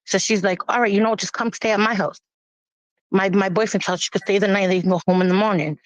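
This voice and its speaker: Woman, mid-pitched voice, plain-spoken personal testimony, halting and grave, dry room. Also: fairly even intonation, dry recording. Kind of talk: personal testimony, casual storytelling. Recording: dull lo-fi, dry.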